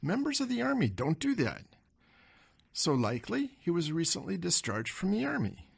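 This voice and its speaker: A man doing a shrewd old professor, gravelly. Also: high voice, huge pitch swings, normal speed, voice pushed up, exaggerated voice. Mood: explaining. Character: shrewd older male Victorian professor.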